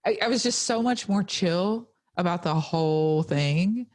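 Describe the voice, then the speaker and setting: Low-voiced chatty woman. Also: a little slow, a little mellow. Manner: chatty, lots of "like" fillers. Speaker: podcast co-host. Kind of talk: casual chat.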